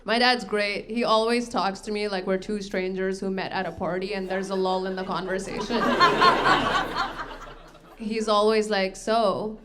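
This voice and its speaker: A woman's voice: mid-range voice, steady tone, moderate pace, background noise. A young woman from Texas doing a stand-up set in a comedy club, dry and self-deprecating, laughing into her own lines. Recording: live club audio with loud crowd laughter.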